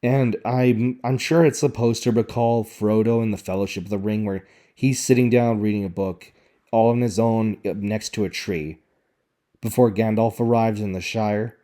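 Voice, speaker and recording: A man's voice: fairly low pitch, steady tone, moderate pace, dark tone. A man giving sarcastic, exasperated commentary as he picks apart a show's dialogue. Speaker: video reviewer. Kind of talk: critical commentary on show dialogue.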